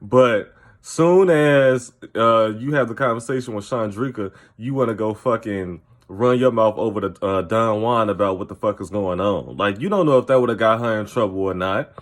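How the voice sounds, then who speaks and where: Man, lowish voice, casual to-camera commentary, blunt, profane, opinionated. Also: moderate pace. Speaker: TV recap commentator.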